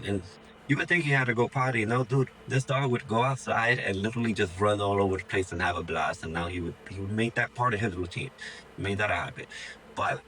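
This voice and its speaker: A dog trainer with a lowish, slightly bright voice gives casual tips straight to the camera, loose and chatty, often acting out what a dog would think. He's informal, tossing in "dude" and "like" a lot. The recording is low quality, with a little hiss or hum.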